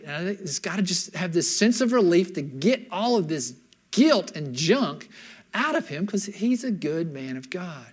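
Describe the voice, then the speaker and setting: High-voiced man preaching a lively sermon. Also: normal speed, husky. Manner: animated storyteller, checks in with the room; retells scripture in casual everyday words. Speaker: pastor.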